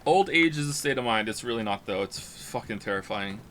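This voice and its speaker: A man's voice: medium pitch, expressive, a little fast, a bit bright, a little hiss or hum. A man from Canada hosting a gaming stream, telling rambling, profane stories in casual chat. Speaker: streamer host.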